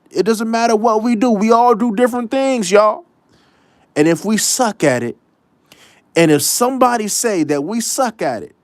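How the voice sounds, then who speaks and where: A man's voice: high voice, no room sound. A man hosting a casual sports commentary show, ranting bluntly and profanely, often repeating his lines for emphasis.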